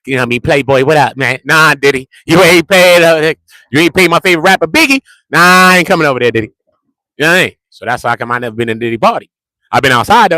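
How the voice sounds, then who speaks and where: Slangy, lively New man. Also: mid-range voice, rapid-fire, no echo, studio quality. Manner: slangy, joking, repeats himself. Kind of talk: casual rambling talk to the camera.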